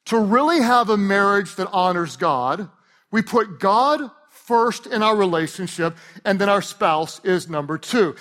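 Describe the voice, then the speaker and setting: A man with a high voice preaching to a large church. He is animated and jokey, and he often leans on punchlines and call-and-response lines. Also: unhurried. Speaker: pastor. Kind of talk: sermon.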